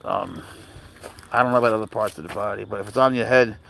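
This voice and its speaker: Gravelly, blunt man livestreaming outdoors. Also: fairly low pitch, fast talker, fairly bright tone, a little hiss or hum. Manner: blunt, profane, rambling; answers chat messages aloud. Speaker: livestreamer walking his cat. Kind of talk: casual livestream chat. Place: outdoors in a park.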